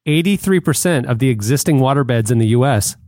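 Male co-host, mid-pitch, wry and dry, close studio mic. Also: lively intonation, fast, a little mellow, no echo. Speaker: podcast co-host. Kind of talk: casual chat.

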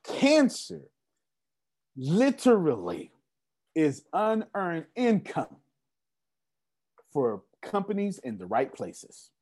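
A man's voice: fairly high pitch, wildly swooping pitch, slow pace, pauses often, darkish tone. A man giving a business seminar to a live audience, emphatic and repetitive, often asking the crowd rhetorical questions. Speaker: business coach.

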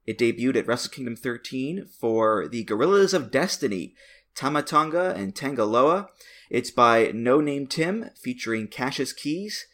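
A man's voice: mid-range voice, moderate pace. A man hosting a podcast, chatting casually and telling stories with enthusiasm. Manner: enthusiastic, animated storytelling. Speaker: podcast host.

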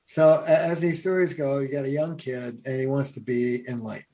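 A man's voice: medium pitch, moderate pace. A man, a family therapist, telling stories in a podcast conversation, with lots of "uh" fillers. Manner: animated storyteller, many fillers.

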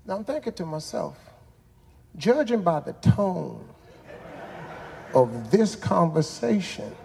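A man's voice: fairly high pitch, very animated, slow, creaky, mellow, long reverb tail, slight background noise. A man in his sixties hosting a show, telling a childhood story in a folksy, drawling way that builds to punchlines. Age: 60s. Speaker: host. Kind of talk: motivational storytelling.

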